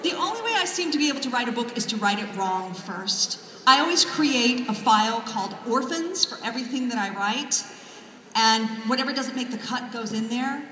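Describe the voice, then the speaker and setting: Woman author, keynote speech, wry self-mocking jokes, high voice, long hall reverb. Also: background noise. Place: large hall. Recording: echoey hall from far off, crowd. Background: audience laughter.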